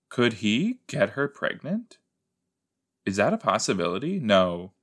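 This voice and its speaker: A man's voice: lowish voice, sing-song, measured pace, fairly bright tone. A man hosting a podcast and giving playful, rambling commentary as he rewatches a show. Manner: playful, rambling, self-mocking. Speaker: podcast host.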